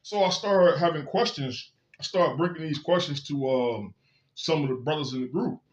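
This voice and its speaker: A man's voice: fairly high pitch, normal speed, muffled recording. A man telling his own story in a candid, blunt and profane monologue, full of emphasis. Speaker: vlogger.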